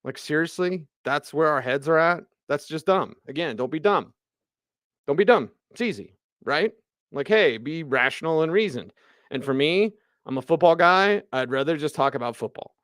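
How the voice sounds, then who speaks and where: A man hosting sports radio, ranting in an animated, emphatic way about football. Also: on the high side, normal speed, clear, resonant tone, dry recording, clean studio sound.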